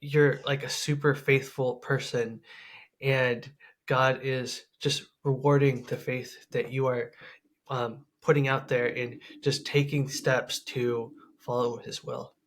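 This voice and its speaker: A man's voice: medium pitch, flat delivery, takes it slowly. A man hosting a podcast interview, mostly giving brief affirming responses. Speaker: podcast host.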